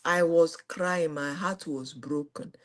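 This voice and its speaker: Speaking slowly, a middle-aged host with a Nigerian accent shares a personal story before a live audience. She moves from high-pitched exclamations down to hushed, low asides.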